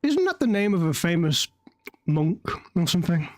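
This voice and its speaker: A woman's voice: fairly low pitch, very animated, normal speed, darkish tone. A woman voicing a polite, worldly, well-dressed man with scruffy hair in a tabletop game. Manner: genteel, polite, slightly rambling.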